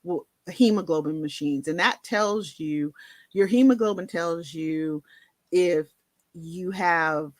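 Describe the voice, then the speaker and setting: Woman vlogger, lowish voice, candid chatty storytelling, dry close sound. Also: slow, dry recording. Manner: candid, conversational, many fillers and asides. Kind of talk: personal storytelling to camera.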